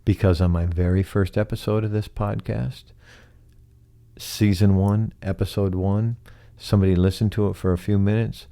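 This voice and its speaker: Male podcast host, solo reflective monologue; deep, gravelly, soft-spoken, questioning. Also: little pitch movement. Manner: slow, soft-spoken, asks many rhetorical questions.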